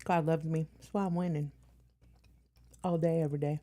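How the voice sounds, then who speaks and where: Woman streamer, lowish voice, blunt and profane, casual reaction-stream host. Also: fairly even intonation, moderate pace, warm tone.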